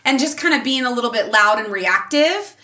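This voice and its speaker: A middle-aged mother talking as a guest on an interview show, her voice bright and a little higher than most. She tells her stories in an animated, chatty way, laughing easily and jumping up in pitch whenever she quotes herself. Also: fairly quick, distant mic. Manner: animated, laughing often, jumping high when quoting herself. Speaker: podcast guest, teacher and mother. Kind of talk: casual storytelling in an interview.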